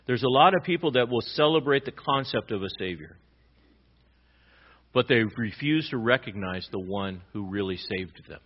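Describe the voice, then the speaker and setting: A male pastor preaches with a voice of ordinary pitch. He punches some lines loudly, then drops low and quiet on others. The recording sounds dull and slightly lo-fi. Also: animated, moderate pace, breathy edge. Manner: dramatic swings between loud emphatic lines and quiet low ones. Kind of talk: sermon.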